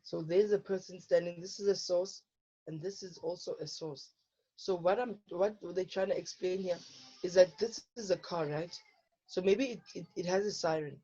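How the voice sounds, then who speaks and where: Brief: woman, science teacher online, low husky voice, keeps asking "okay?", dull lo-fi audio. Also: normal speed, mellow. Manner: checks in with frequent "okay?". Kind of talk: online lesson explaining problems.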